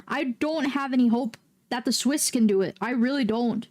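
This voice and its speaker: A woman streaming a game, chatting casually with viewers and breaking into loud, excitable, swearing outbursts. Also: fairly high pitch, normal speed. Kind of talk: casual livestream chat.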